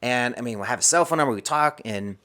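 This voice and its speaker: A man's voice: mid-range voice, fast talker, pushed and bright. A man as a podcast guest, telling a personal story and acting out his own inner dialogue.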